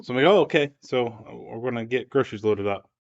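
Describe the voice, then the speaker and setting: Animated storytelling man, lively pitch. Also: fast talker, lo-fi sound. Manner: animated, acts out voices in his anecdotes. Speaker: podcast guest telling a family story. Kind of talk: casual storytelling.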